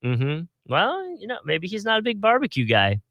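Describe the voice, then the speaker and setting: A young man co-hosting a casual sports podcast, easygoing and quick to laugh, recorded on a close, dry mic. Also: sits high, wildly swooping pitch, vocal fry, dry recording, highs cut off. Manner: easygoing, laughs often, chatty asides. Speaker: podcast co-host.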